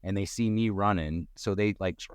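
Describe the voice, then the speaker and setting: A middle-aged man telling a personal story in casual conversation, acting out quoted voices with sudden jumps in pitch. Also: normal speed, clean tone, no echo, studio quality. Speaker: guest storyteller.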